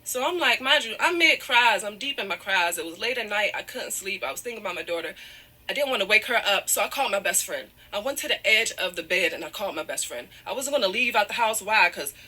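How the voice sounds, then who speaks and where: A woman with a bright, forceful voice recounts a painful story while close to tears. She keeps apologizing and steering herself back with "however" as she digresses. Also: medium pitch, animated, fast talker. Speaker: guest telling her side of a breakup. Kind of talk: emotional personal storytelling.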